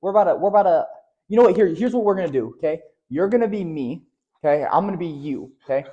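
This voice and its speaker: A man's voice: sits high, lively intonation, fast talker, dark tone, muffled recording. A young man co-hosting a podcast, rambling loosely and dropping "like" and "okay" often. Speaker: podcast co-host. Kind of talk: casual chat.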